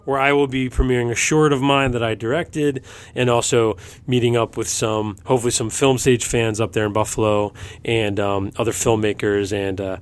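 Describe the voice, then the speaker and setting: A man's voice: mid-range voice, little pitch movement, normal speed, smooth. A man hosting a film podcast, chatting casually and joking with his guests. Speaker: podcast host.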